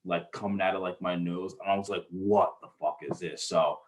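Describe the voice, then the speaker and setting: A man's voice: low-pitched, fairly even intonation, a little fast, a little hiss or hum. A man in his thirties co-hosting a podcast, telling loose, rambling stories with plenty of swearing. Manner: rambling storyteller, swears freely, restarts sentences. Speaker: podcast co-host. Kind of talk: casual podcast chat.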